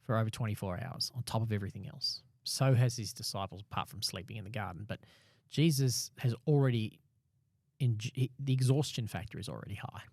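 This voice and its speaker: A man's voice: fairly low pitch, fairly quick, darkish tone, no echo. Man talking scripture, dry close sound. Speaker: co-host of a Bible discussion. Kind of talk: casual Bible study chat.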